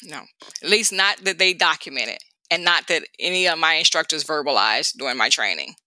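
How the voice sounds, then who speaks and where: Woman guest, animated storyteller, bright edgy tone, dry close mic. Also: low voice, brisk, no echo. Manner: animated, acts out quoted people while telling a story. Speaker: guest, former DEA agent. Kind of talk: conversational storytelling.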